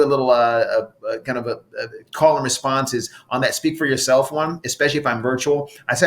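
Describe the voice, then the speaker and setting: Animated man, middle-aged, energetic presenter voice at a middle pitch. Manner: animated, breaks into chants and vocal exercises. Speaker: conference speaker and facilitator. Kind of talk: conference talk with audience participation.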